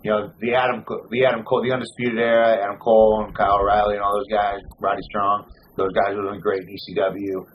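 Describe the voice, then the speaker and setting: A man hosting a wrestling podcast in casual chat, cursing freely and talking with animated swings. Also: fairly low pitch, quick pace, a little hiss or hum, poor audio. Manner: profane, animated, lists names in runs. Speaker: podcast host.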